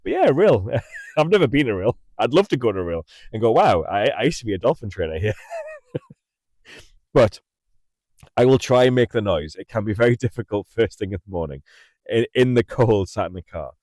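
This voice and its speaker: A man's voice: fairly low pitch, sing-song, brisk, darkish tone, no room sound. A middle-aged man in a parked car, telling a rambling story on his livestream, laughing and repeating himself often. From England. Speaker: livestream host. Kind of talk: casual storytelling chat. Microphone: mic in the car.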